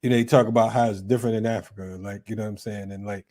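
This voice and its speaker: A man hosting an interview show, chatting casually and affirming his guest with quick interjections. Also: fairly low pitch, steady tone, mellow. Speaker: show host.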